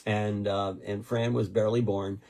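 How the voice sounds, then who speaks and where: A man in his sixties, a podcast co-host telling a story in casual chat, rambling and animated with many restarts. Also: lowish voice, moderate pace, crowd noise. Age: 60s.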